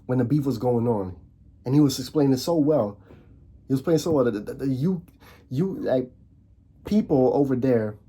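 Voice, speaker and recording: Warm in tone and medium in pitch, a Dutch vlogger delivers a casual on-camera rant full of repetition, frequent restarts and rhetorical questions.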